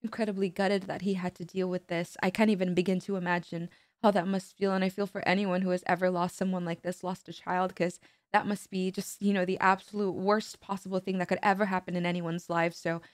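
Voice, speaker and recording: A woman's voice: on the low side, little pitch movement, fairly quick, no room sound, studio quality. A woman hosting a music reaction video, talking in an earnest, rambling way with many fillers and restarts while tearful and collecting herself after crying. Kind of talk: emotional reaction commentary.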